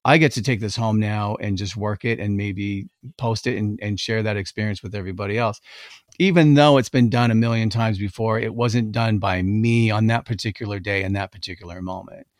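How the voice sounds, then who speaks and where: A man hosting a casual conversation, telling an animated story and acting out what people said. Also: fairly low pitch, brisk, no echo, clean studio sound. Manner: animated storyteller, acts out quotes. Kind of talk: casual chat.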